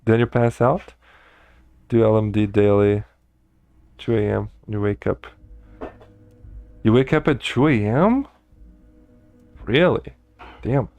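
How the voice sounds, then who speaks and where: A man giving relaxed, wry commentary as he plays a video game, often talking to himself. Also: fairly low pitch, slow, long pauses, no room sound. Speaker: gamer streamer.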